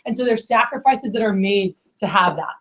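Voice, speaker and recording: A woman's voice: medium pitch, expressive, normal speed. A woman, giving a casual motivational talk to her team at a meeting, full of "like" and "you know". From Miami. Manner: casual and chatty, lots of "like" and "you know", acts out quoted friends. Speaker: division leader giving opening remarks.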